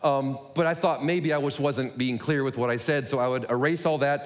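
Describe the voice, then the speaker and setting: A man preaching a sermon to his congregation, talking quickly with self-deprecating humor. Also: medium pitch. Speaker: pastor. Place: church sanctuary. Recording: echoey hall.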